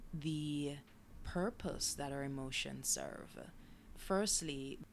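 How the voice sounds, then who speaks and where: Low-voiced Jamaican woman podcast host. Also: slight background noise. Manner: calm, explanatory, repeats key phrases. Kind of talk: solo podcast talk on emotions and healing.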